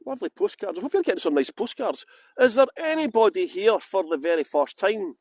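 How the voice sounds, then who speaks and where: Out in a garden, a Scottish tour guide with a high, bright voice welcomes each viewer of his live stream before the tour begins, very animated and brisk. He rambles and pokes fun at himself, laughing often, captured close and dry without any echo.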